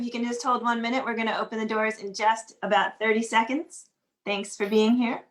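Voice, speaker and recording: A woman hosts a video-call singalong in a high voice. She keeps her tone fairly level and even. She greets people in a quick, upbeat roll call. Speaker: host of an online group singalong. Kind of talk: casual welcome and announcements.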